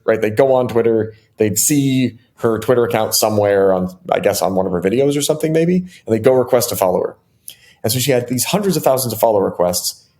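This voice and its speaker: A middle-aged man, a software engineer guest in an interview, telling stories casually and animatedly with many fillers and restarts. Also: medium pitch. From United States.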